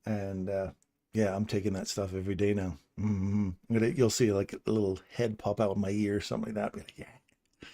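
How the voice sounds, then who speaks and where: Talking a little fast in a mellow, fairly low voice with little pitch movement, a middle-aged English trader hosts his own live stream. He thinks aloud over the chart in a casual way and trades jokes with people in chat.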